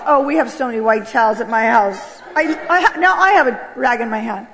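An animated woman gives a personal testimony, her voice pitched high. A long hall reverb follows every phrase. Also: fairly quick, few pauses. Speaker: speaker giving a testimony.

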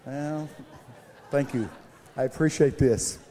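Animated, joking preacher man in a reverberant hall. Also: normal speed, some chatter behind. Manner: animated, joking, swings between high shouts and low asides. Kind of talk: humorous sermon.

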